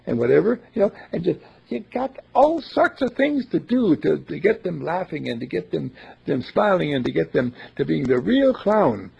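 A man talking in a playful, rambling, repetitive way in casual storytelling, with a gravelly, raspy voice. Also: on the high side, very animated, normal speed, muffled recording.

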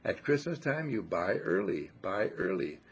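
A man's voice: low-pitched, sing-song, unhurried. An older man giving an effusive, affectionate inspirational talk to a gathering, his voice swooping up on emphasis. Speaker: spiritual speaker.

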